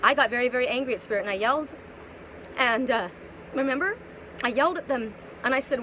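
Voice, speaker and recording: A woman's voice: high voice, moderate pace, pauses often, sharp tone, a little hiss or hum, poor audio. Rambling woman giving a card reading. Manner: rambling, repeats words, many rhetorical questions. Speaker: oracle card reader. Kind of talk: live spiritual card reading. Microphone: phone.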